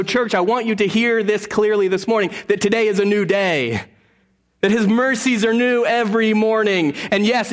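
High-voiced pastor preaching a sermon. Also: male voice, in a large hall. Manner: earnest, shifting between quiet asides and raised appeals.

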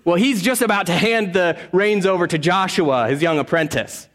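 A man preaching a sermon as pastor, earnest, moving between quiet asides and raised appeals. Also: sits high, normal speed, long reverb tail.

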